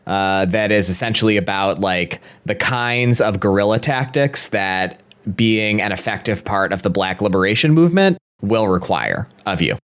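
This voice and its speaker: Young male podcast co-host, low-pitched, dry and self-deprecating. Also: expressive, normal speed, a bit bright. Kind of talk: casual recap from notes.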